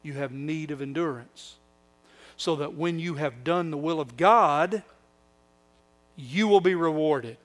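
An older male pastor preaching a sermon, repeating phrases for emphasis, dropping to hushed reverent lines and rising into mocking whiny quotes. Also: a little high, a little slow, long pauses.

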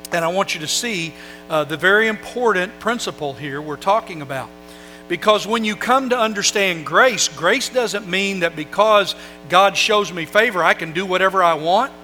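A pastor preaching a sermon, building emphasis through rhetorical questions and scripture readings. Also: male voice, high-pitched, sharp tone. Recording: long hall reverb with faint music. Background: faint music and mains hum.

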